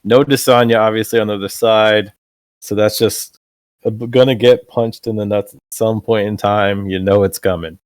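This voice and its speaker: Low-voiced male play-by-play commentator. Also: moderate pace, no echo. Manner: relaxed, play-by-play explaining. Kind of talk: casual card game commentary.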